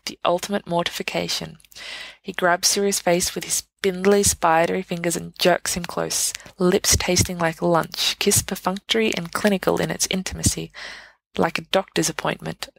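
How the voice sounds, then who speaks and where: A woman reading fan fiction aloud as a podfic, with wry, deadpan narration. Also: fairly low pitch, gravelly, dry recording, rough recording. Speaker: podfic reader.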